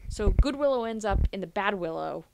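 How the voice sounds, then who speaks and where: A woman's voice: medium pitch, lively intonation, fairly quick, creaky, background noise. A woman co-hosting a casual chat, retelling TV plots and saying "like" a lot. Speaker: podcast co-host.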